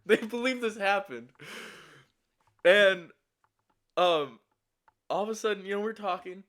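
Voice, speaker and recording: A man's voice: high-pitched, a little slow, fairly bright tone. A young man telling a casual story, rambling and profane, with many restarts and fillers, audibly shaky and anxious.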